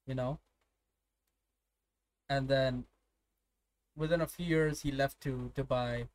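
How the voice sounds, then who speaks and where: A man's voice: mid-range voice, steady tone, takes it slowly, no echo. A young man from India chatting casually, swearing freely and telling stories with laughter. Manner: profane, storytelling, laughs often. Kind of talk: casual chat.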